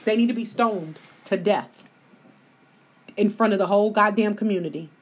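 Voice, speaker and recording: A woman's voice: medium pitch, moderate pace, husky. A woman hosting a live podcast, venting her opinions bluntly and with a lot of profanity. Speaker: podcast host.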